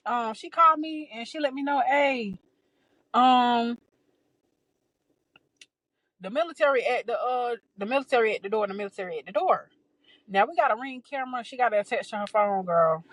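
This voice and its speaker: A woman, hosting a podcast and telling a personal story in a casual, animated way, laughing often and acting out the voices of others. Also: fairly high pitch, no echo, poor audio. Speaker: podcast host.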